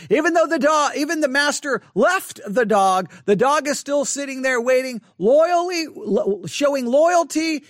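Male Bible teacher, high voice, dry close sound, earnest and repetitive, online lesson. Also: a bit bright, no room sound. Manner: repetitive, earnest, restarts and emphatic slow repeats.

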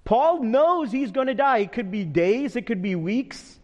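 Man, pastor preaching, slow and earnest, long church reverb, muffled lo-fi sound. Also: very high voice, lively intonation. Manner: earnest, measured, drops softly for prayer and memories. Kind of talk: sermon. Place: church sanctuary.

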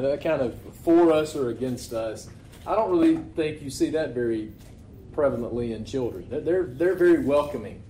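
A man's voice: on the high side, a little mellow, a little hiss or hum. A man preaching a sermon to his congregation in a casual, conversational way, often asking rhetorical questions. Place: church. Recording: echoey room.

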